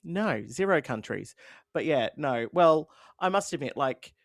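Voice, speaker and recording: A man's voice: a little high, expressive, measured pace, no room sound, studio quality. A man co-hosting a podcast in casual chat, telling self-mocking stories with a playful manner. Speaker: podcast co-host.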